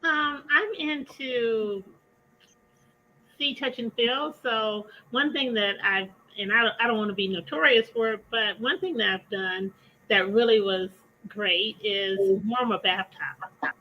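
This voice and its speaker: A woman guest on a podcast speaking in a hesitant, measured way. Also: a little high, lo-fi sound, a little hiss or hum. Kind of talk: casual chat.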